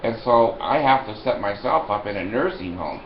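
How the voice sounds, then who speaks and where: An older man telling a rambling comic story, loud and animated, often breaking into laughter. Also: on the low side, normal speed, roomy sound, muffled recording, slight background noise.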